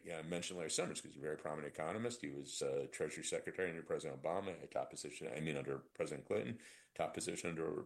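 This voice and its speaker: Deep-voiced man, sardonic economic commentary. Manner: animated, sardonic, with frequent fillers and restarts. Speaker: economist guest. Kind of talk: conversational expert commentary.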